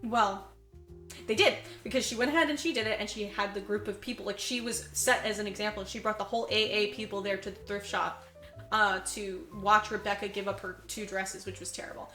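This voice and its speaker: A podcast co-host with a medium-pitched, slightly fast voice recaps a movie in casual chat, animatedly retelling the plot and acting out the characters' lines. She says "like" a lot, and the recording sounds roomy with faint music in the background.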